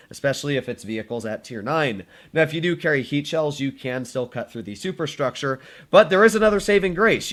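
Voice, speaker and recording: Chatty young man commentating gameplay. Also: medium pitch. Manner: chatty, self-correcting, hums tunes while playing. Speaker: gaming YouTuber.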